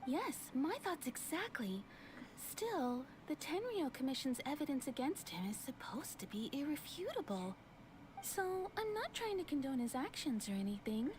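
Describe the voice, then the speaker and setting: A gentle young townswoman speaks softly, almost in a whisper. Her voice sits high and a little squeaky. She tells her story patiently with a lilting, lively pitch. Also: normal speed, noisy background. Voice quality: soft, slightly squeaky, near-whispery voice.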